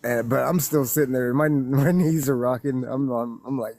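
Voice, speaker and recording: A man telling a witness story in a loose, rambling way, laughing and growing excited as he recounts it. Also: mid-range voice, moderate pace, hardly any pauses, no room sound. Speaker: witness guest. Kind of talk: casual storytelling.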